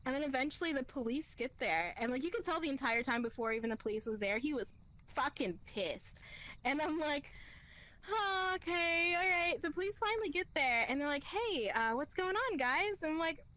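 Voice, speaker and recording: High-voiced young woman telling a story. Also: quick pace, hardly any pauses, low-quality recording. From Kentucky, USA. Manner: animated, acts out quoted lines, laughs often, swears. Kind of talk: casual storytelling.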